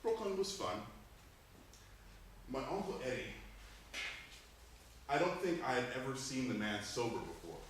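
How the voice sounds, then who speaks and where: Animated man telling funny stories. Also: mid-range voice, unhurried, long pauses. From Panama. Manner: animated storytelling, laughs between lines. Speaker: club speaker. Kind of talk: humorous prepared speech. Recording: echoey room, distant mic, faint noise.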